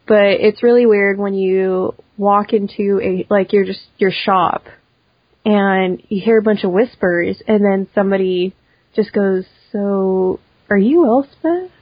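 A young woman chats through an interview in a quick, rambling way, peppering her talk with "like" and restarting her sentences. The room is dry and close, and the sound is a little dull and lo-fi. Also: medium pitch, flat delivery, no echo. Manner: chatty, quick, full of "like" and restarts. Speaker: cosplayer guest. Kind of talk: casual interview chat.

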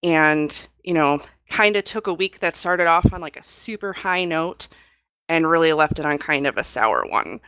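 A woman co-hosting a podcast in casual panel chat, chatty and animated, acting out what people said. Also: low-pitched, normal speed, a little hiss or hum. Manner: animated, acts out quotes, chatty. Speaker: podcast co-host.

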